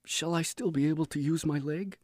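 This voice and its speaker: Man voicing a scared teen boy, high and stammering, dry read. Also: fairly even intonation, fairly quick, a little mellow, dry recording, close to an everyday voice. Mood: pleading. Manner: pleading, stammering. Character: frightened teenage boy, a wounded prisoner.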